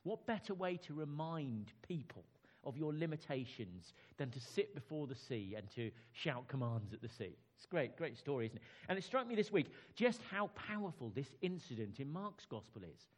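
A man preaching in a chatty, personal way. His pitch swings widely as he talks, and he keeps turning to his listeners with questions. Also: sing-song, moderate pace. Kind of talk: sermon with read-aloud story.

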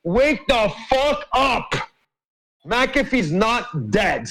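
Man, high voice, host of a group chat, emphatic, profane, ranting. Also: sing-song, extremely slow, a bit bright, poor audio. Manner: ranting, emphatic, heavy swearing. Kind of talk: open-mic group chat.

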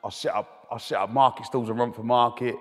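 Guy, cheeky anecdotes, mid-pitched, hall reverb on the voice. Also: steady tone, a little fast, soft background music. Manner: cheeky, chatty storyteller with many restarts. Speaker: guest. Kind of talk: telling anecdotes in interview. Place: debating hall.

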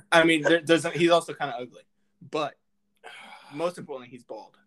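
A man's voice: on the high side, normal speed, a bit bright. A young man in casual chat, telling a silly made-up story in a playful, teasing way.

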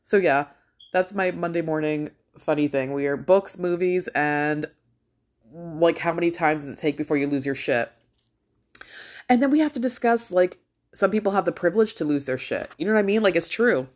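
A woman's voice: lowish voice, animated, normal speed, a little mellow. A middle-aged woman ranting casually to her viewers, blunt and full of swearing as she tells a story. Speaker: vlogger.

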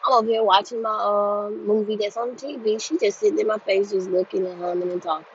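A woman in her twenties telling a story in a casual monologue, blunt and animated, swearing freely. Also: mid-range voice, fast, a little hiss or hum. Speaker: group home staff telling a story. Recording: dull lo-fi sound.

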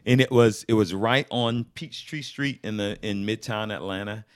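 A man's voice: fairly low pitch, normal speed, no echo, clean studio sound. Joking man telling stories as a guest. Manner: joking, playful storyteller. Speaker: actor guest on a podcast. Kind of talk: casual interview chat.

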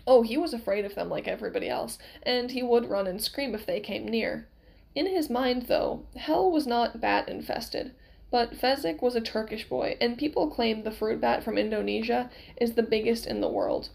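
Woman reading a book out loud, expressive, bit high and gravelly. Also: normal speed, poor audio. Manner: expressive storytelling. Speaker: reader. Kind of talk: reading a novel aloud.

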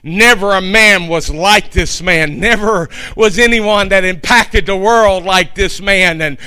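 A man with a high, bright voice preaching a sermon. He delivers it with fervor, swelling to shouts at the big points and repeating lines for emphasis. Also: unhurried, clean tone, poor audio. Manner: fervent preaching, rising to shouts. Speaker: pastor.

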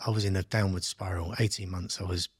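An English entrepreneur in his thirties tells his life story as a guest on a casual interview podcast, animatedly acting out other people's lines. His voice is low, fast and husky. The studio-quality recording has no echo.

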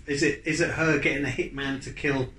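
A man chatting casually on a podcast, his thoughts coming out halting and rambling, full of restarts and fillers. His voice sits at an ordinary middle pitch. The room around him rings with noticeable echo. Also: fairly even intonation, fairly bright tone. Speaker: podcast co-host. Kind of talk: casual chat. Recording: echoey room.

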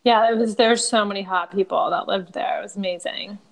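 A young woman co-hosting a podcast from a remote call, animated and rambling, often laughing. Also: mid-range voice, a little fast. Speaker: podcast co-host. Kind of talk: casual chat.

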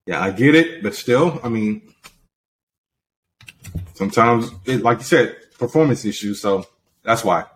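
A man's voice: lowish voice, lively intonation, measured pace, long pauses, a bit bright, a little hiss or hum. Level-headed man reading podcast news. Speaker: podcast host. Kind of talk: casual chat, reading news.

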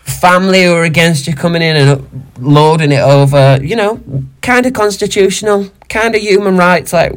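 A man co-hosting a podcast, ranting in an indignant, animated, sweary way. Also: high voice, moderate pace, smooth. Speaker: podcast co-host. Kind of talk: casual chat rant.

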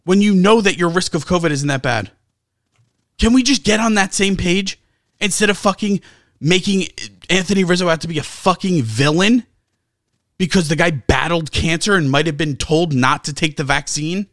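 A man on a sports podcast tears into his critics in a high, strained voice, swearing constantly and dripping with sarcasm. The sound is dry and close, with no room around it. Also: moderate pace, fairly bright tone, no room sound. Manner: profane, ranting, sarcastic. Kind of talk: heated sports talk rant.

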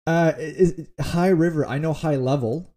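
A man's voice: on the high side, unhurried, mellow. A male host asking a comedian about his career in a casual interview, with short friendly reactions.

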